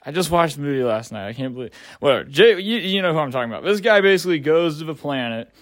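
A man's voice: fairly high pitch, expressive, fast talker, fairly bright tone, no echo, studio quality. A young adult man giving a casual movie review, rambling with lots of filler words and casual swearing.

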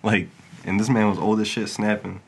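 A man's voice: fairly low pitch, little pitch movement, moderate pace, creaky, breathy edge. A young man telling stories in casual chat, loose and profane, often acting out quotes in a raised voice.

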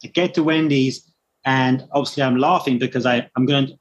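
A man's voice: mid-range voice, brisk, dull audio, slight background noise. A man with a British accent, casually telling a long story as a guest and acting out the voices of people he met. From Britain. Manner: animated anecdote telling, acting out quoted voices. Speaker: guest runner.

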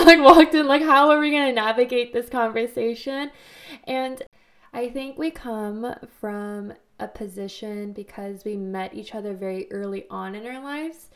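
Young female co-host, a bit high-pitched, relaxed and reflective, supportive tone. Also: normal speed. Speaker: podcast co-host. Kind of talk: casual chat.

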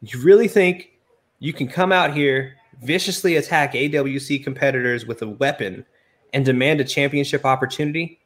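A bossy male wrestling executive in a wrestling game blusters and lays down the rules, played by a man. He has a medium-pitched male voice. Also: normal speed, fairly bright tone, natural voice. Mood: blustering. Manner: blustering, authoritative.

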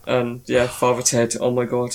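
A man in casual podcast chat, animated and laughing as he tells stories. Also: mid-range voice, moderate pace.

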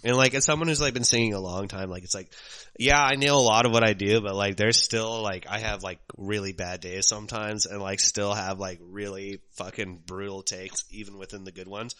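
Podcast guest: young guy, lowish bright voice, loose and profane, laughs a lot. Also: fairly even intonation, a little fast. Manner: loose, swears freely, laughs often. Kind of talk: casual chat.

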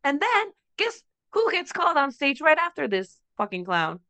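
A young adult woman co-hosting a podcast, telling a story in casual chat, animated and profane, acting out what others said. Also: high voice, moderate pace, no room sound. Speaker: podcast co-host.

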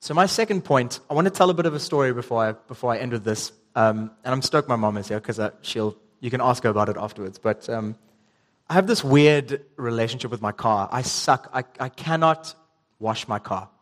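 A man's voice: medium pitch, fairly quick. A young man preaching a sermon, reading scripture and telling a casual story with ums and restarts. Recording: long reverb in a hall.

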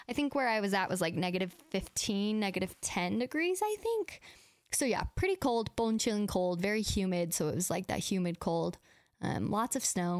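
A young woman tells personal stories in a relaxed, chatty way, scattering "like" through her sentences. Her voice is smooth and clear, with a mid-range pitch. The recording is dry and close, with no room sound. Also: dry recording. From United States. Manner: chatty, fills speech with "like", acts out quoted dialogue. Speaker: podcast host. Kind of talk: casual personal storytelling.

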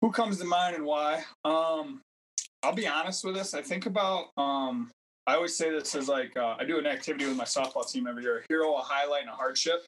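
A man's voice: a little high, brisk, a bit bright, low-quality recording. Rambling man telling stories, faint hiss. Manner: rambling storyteller, acts out quotes in a raised voice. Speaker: podcast guest. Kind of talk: casual chat.

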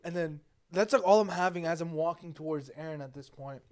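A man's voice: on the high side, brisk. A young man co-hosting a podcast, telling rambling, profane stories full of quoted voices in a casual chat. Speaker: podcast co-host.

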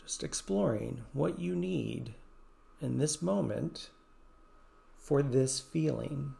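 A man leading a guided meditation, giving slow, gentle, soothing instructions. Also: mid-range voice, gravelly, slight background noise.

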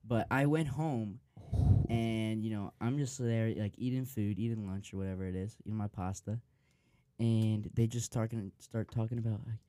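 A man's voice: on the low side, fairly even intonation, moderate pace, dark tone, dry recording. A young man telling a story in casual chat, laid-back and laughing as he goes.

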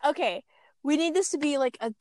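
A young woman co-hosting a casual podcast with a friend, excitable and giggly, repeating herself as she chatters. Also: high voice, brisk. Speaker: podcast co-host. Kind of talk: casual chat between friends.

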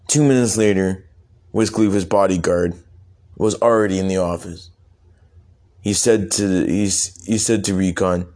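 A young man improvising a rambling, profane comic story, with halting restarts. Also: deep voice, warm tone.

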